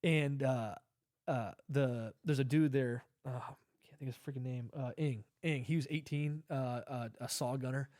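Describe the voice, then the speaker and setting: A man's voice: mid-range voice, steady tone, normal speed, darkish tone, dry recording. Rambling, dry-voiced man telling war stories. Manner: rambling, many fillers and restarts, acts out quoted dialogue. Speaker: podcast guest, Army veteran. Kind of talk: casual storytelling interview.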